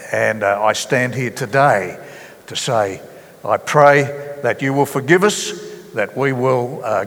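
A man preaching a sermon as pastor, earnest and halting, with many fillers and restarts. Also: medium pitch, a bit bright, in a large hall. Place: church hall.

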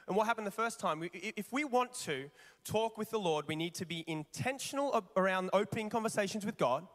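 High-voiced man preaching in a hall. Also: brisk, few pauses. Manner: animated and conversational, with rhetorical questions to the congregation. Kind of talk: sermon. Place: large church hall. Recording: long reverb of a large hall.

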